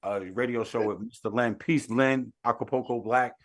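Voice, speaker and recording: A man's voice: mid-range voice, fairly even intonation, moderate pace. A man telling a story as a podcast guest in casual chat, laid-back.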